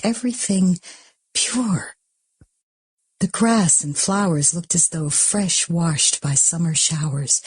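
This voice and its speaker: Woman, audiobook narrator, husky, mellow, soft half-whispers, dry close sound. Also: fairly low pitch, no echo. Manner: soft, slow, often breathy half-whispered reading. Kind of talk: audiobook reading.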